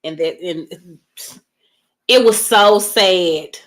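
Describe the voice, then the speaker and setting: A woman's voice: on the low side, extremely slow. A woman hosting a casual movie review, retelling the plot. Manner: animated storyteller, acts out characters' lines. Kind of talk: casual spoiler recap of a movie.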